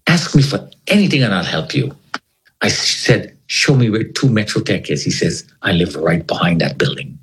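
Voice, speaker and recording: A man with a fairly low voice tells a gripping personal story in an interview. His pitch swings widely as he acts out the different people in the tale, jumping high and then dropping low. The telling is vivid and animated throughout. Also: normal speed, slight background noise, low-quality recording. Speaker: guest.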